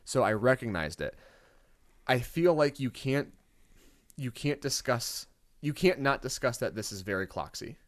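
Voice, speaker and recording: A man co-hosting a music podcast, chatting in a loose, playful way. He rambles and stops to correct himself, and his voice swings widely in pitch. The recording is close and dry. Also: lively intonation, measured pace, no room sound. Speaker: podcast co-host. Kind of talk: casual chat.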